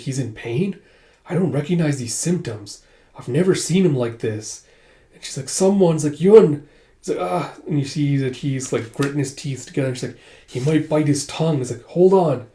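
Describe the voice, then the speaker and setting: A man's voice: medium pitch, mellow, roomy sound. A man casually recapping a manga volume, retelling scenes with loose "he's like" quotes and filler. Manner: retells the plot with many "he's like" quotes, voicing lines loosely. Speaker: manga reviewer.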